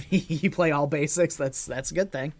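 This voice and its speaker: A man's voice: a little high, normal speed, darkish tone, soft background music. A man casually commenting on his own online card game as a streamer, joking with chat and swearing freely.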